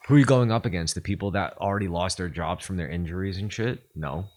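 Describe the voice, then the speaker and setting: A man with a very low voice, hosting a podcast in loose, rambling conversation. He swears freely and fills his sentences with "like" and "you know". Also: fast, a little mellow. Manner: casual and profane, rambling with lots of fillers. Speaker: podcast host. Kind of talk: casual podcast chat.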